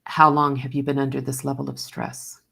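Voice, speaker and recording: A woman reading the lines of a calm male doctor, speaking in a measured, soft way. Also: rumbling low, creaky, husky, pitched below the performer's own voice, exaggerated voice.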